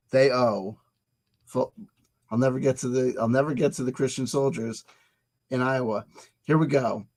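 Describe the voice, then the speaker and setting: Mid-range and darkish in tone, this man hosts his own channel and meanders through history and dates. He's jokey and digressive, replies to himself, and keeps stumbling and repeating words.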